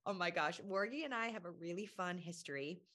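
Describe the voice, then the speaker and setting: A woman hosting a faith podcast, teaching with earnest emphasis and chatting warmly with a friend. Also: lowish voice, a little fast. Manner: earnest, emphatic, laughs often. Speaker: podcast host.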